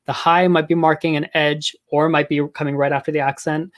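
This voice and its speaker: A man's voice: a little high, level tone, brisk, a bit bright. Man giving an academic linguistics talk. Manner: explanatory, with frequent ums and uhs and self-corrections. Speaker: linguistics lecturer.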